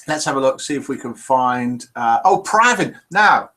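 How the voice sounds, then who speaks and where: His mid-range voice is a bit bright, with lively intonation and normal pacing. He's hosting a casual online chat show broadcast live for over-50s, reading viewers' comments aloud as he chats.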